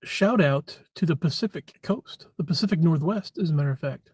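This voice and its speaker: A man's voice: on the high side, fairly quick, a little mellow, no room sound. Rambling man on a live stream. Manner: rambling, chatty, frequent throat clearing. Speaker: livestream host. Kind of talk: casual live-stream chat.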